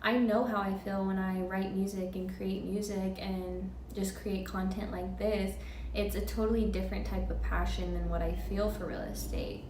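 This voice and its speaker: A woman's voice: medium pitch, mellow, recorded from a distance, slight background noise. Chatty woman in her twenties, roomy sound. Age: 20s. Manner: candid, chatty, quick laughs. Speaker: vlogger. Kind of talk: casual personal vlog.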